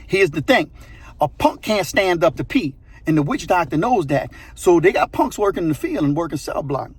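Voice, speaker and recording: Guy telling a story, husky, dry close sound, slangy and animated, repeats stuff for effect. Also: on the high side, moderate pace, no echo. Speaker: channel host. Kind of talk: casual storytelling.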